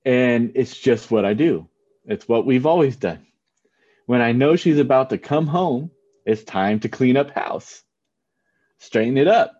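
Man, pastor, sermon, slow unhurried delivery, dull lo-fi recording. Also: medium pitch. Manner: relaxed storytelling with chuckles. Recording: dull lo-fi sound.

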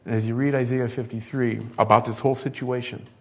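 A man's voice: medium pitch, level tone, a little fast. A man preaching a sermon in a conversational way that builds to emphatic peaks.

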